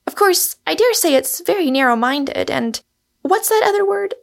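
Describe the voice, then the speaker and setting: A woman reading a novel aloud, voicing an eager, innocent young woman in a raised, bright voice. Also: very high-pitched, lively intonation, normal speed, vocal fry, voice pushed up, full character voice. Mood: wondering.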